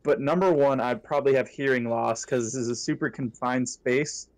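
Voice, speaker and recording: A young man with an average-pitched voice, chatting on a casual podcast. He keeps things playful and teasing and is eager to cut in with a joke. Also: moderate pace, darkish tone. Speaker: podcast co-host.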